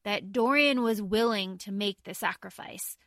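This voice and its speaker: A woman's voice: medium pitch, a little slow, a bit bright, no room sound. A woman co-hosting a podcast, chatting enthusiastically about a book with casual swearing. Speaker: podcast co-host.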